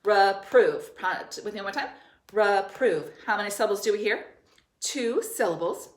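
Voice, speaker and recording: A woman teacher leads a spelling dictation for third graders, spelling out words letter by letter in a slow, clear and encouraging way. Her voice sits at a middle pitch, and the room around her gives it a noticeable echo. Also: lively intonation. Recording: roomy echo.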